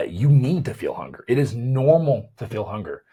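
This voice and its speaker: Hosting a health podcast, a man with a husky, slightly breathy, medium-pitched voice explains his approach as a chiropractor and weight loss coach. He's very animated at a moderate pace, thinking aloud, restarting with repeated words, and adding a questioning "right?" to his points.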